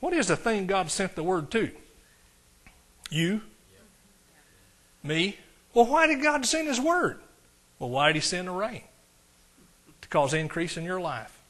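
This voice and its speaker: Animated preaching man, fairly high voice. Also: measured pace, pauses often. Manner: animated, swings from loud preaching to quiet asides; talks directly to the congregation, asks questions. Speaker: pastor. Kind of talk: sermon.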